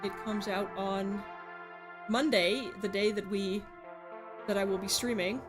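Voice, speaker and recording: A woman's voice: medium pitch, steady tone, measured pace, over music. A woman streaming a game, talking casually to her chat, frustrated and swearing, rambling with restarts.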